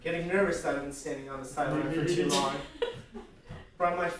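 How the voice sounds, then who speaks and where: A woman performing comedic improv, describing her own scene moves in a deadpan way. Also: low-pitched, a little fast, crowd noise. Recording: echoey room from far off.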